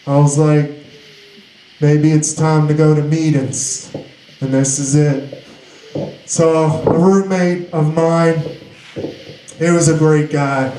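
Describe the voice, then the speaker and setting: A young man telling his own recovery story in a halting, plainspoken way, often restarting his sentences. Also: fairly high pitch, dark tone, echoey room, rough recording.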